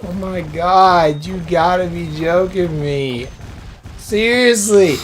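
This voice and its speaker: A man's voice: high-pitched, slow, soft background music. A man giving casual commentary while playing a co-op game, exasperated and exclaiming, laughing often. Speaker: co-host gamer.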